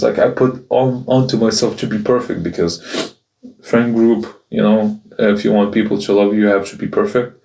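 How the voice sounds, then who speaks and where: A man's voice: medium pitch, gravelly, darkish tone. A man speaking in a confessional video diary, raw and emotional, swearing often and restarting his sentences. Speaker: video journal host. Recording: roomy echo, mic at a distance.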